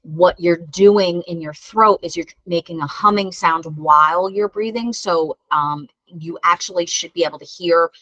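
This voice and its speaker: Low-voiced woman leading a kids' breathing lesson. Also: measured pace, few pauses, no echo, low-quality recording. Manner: gentle, encouraging, self-deprecating. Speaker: mindfulness teacher for children. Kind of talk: guided breathing lesson for kids.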